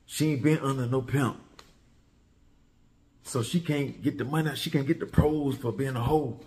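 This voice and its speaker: A man's voice: medium pitch, normal speed, darkish tone. Male commentary host, heated and mocking, delivers a repetitive profane rant.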